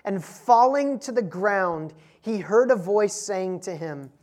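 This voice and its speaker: A woman's voice: mid-range voice, lively intonation, measured pace, hardly any pauses, a little mellow. A woman preaching a sermon, asking rhetorical questions, stressing key words and adding laughing asides to the congregation. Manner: dynamic preaching with rhetorical questions and strong emphasis.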